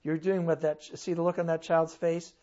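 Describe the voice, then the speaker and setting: A man's voice: a little high, little pitch movement, moderate pace, mellow, lo-fi sound. A man preaching a sermon in church, conversational and earnest, with sudden bursts of emphasis.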